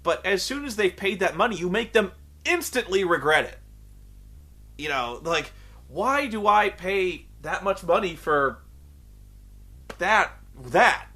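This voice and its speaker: A man's voice: high-pitched, slow, long pauses. Guy ranting about wrestling, sarcastic and sweary, voice jumps all over the place. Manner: animated, profane, sarcastic, goes off on tangents. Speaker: wrestling show reviewer. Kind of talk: casual ranting commentary.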